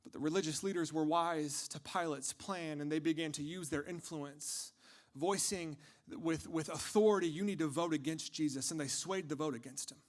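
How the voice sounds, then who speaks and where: A man delivering a dramatic first-person storytelling monologue, impassioned, swinging from hushed tones to shouting. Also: fairly high pitch, moderate pace, hardly any pauses.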